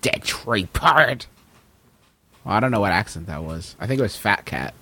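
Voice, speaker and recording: A man's voice: deep voice, animated, fast talker, a bit bright. A man co-hosting a comedy podcast, rambling and joking playfully in casual banter. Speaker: podcast co-host.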